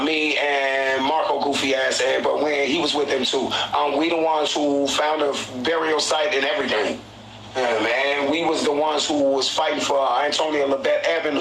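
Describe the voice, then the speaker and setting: A man telling a story on a livestream, excitable and profane, often acting out what others said. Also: mid-range voice, moderate pace. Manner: excitable, profane, acts out quotes. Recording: echoey room with faint noise.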